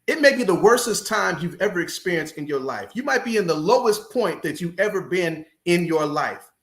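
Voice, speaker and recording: A man's voice: high voice, expressive, moderate pace, fairly bright tone, echoey room. A man who is a pastor and a guest on a talk show, preaching with building passion and repeating key phrases. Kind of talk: preaching in a podcast interview.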